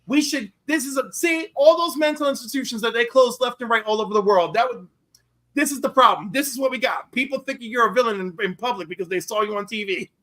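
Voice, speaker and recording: Joking, animated chat guest. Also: medium pitch, quick pace. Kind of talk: casual chat.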